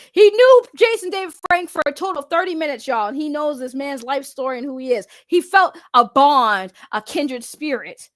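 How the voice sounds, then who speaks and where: Blunt, high-voiced woman streamer ranting. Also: a bit bright, dry recording, clean studio sound. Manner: blunt, heavy swearing, talks straight to chat. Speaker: livestream commentary host. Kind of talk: ranting livestream commentary.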